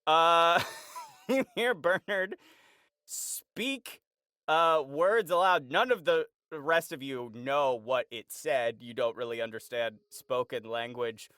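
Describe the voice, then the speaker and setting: Guy gm narrating slow and halting, lots of uhs, bright clear voice. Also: fairly high pitch, no echo, clean studio sound. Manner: hesitant, many fillers, laughs often. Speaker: game master. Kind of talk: narrating a tabletop game.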